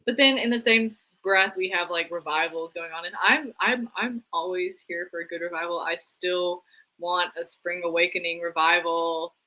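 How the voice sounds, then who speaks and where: Chatty young woman with a bright voice. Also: on the low side, steady tone, moderate pace, low-quality recording. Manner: chatty, lots of "like", laughs easily. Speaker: co-host. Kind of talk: casual chat about theater news.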